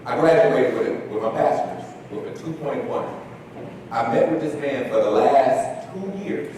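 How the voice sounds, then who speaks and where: Man speaker, lively delivery, recorded from afar in a big reverberant hall. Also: medium pitch, moderate pace, a little hiss or hum. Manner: animated storyteller acting out dialogue. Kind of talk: storytelling keynote talk. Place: large hall. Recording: echoey hall recording from far off.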